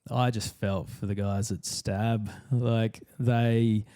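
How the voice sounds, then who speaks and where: A man and surf commentator, telling stories in a lively podcast chat and acting out dialogue. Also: lowish voice, slow pace, clear, resonant tone. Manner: lively, swears, acts out dialogue. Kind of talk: animated storytelling on a podcast. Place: podcast studio.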